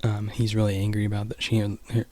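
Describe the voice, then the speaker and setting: A man's voice: lowish voice, completely flat delivery, quick pace, darkish tone, no room sound. A man casually rambling through a film retelling, full of "you know" and "like".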